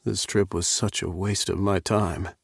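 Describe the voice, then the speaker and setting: A man's voice: deep voice, fairly even intonation, a little slow, gravelly, breathy edge, dry recording, studio quality, heavily acted. A man voicing an upset young male writer who rants in frustration. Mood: dejected. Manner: rising and agitated, ranting.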